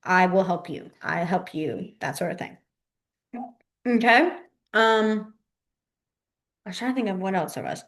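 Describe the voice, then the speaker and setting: A woman's voice: medium pitch, animated, measured pace, long pauses. A young woman, teaching a sign language class in a chatty, informal way that often trails off while she demonstrates. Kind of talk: casual online class teaching.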